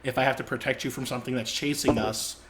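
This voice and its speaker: A man's voice: mid-range voice, fairly even intonation, fast, a bit bright, a little hiss or hum. A young man co-hosting a podcast, telling jokey rambling stories in casual chat. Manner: joking, rambling storyteller. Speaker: podcast co-host.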